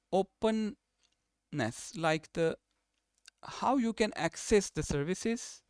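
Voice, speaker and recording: Man lecturing with a crisp, dry voice. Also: high voice, darkish tone, no echo. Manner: explanatory, restates terms and rephrases often. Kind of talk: recorded university lecture.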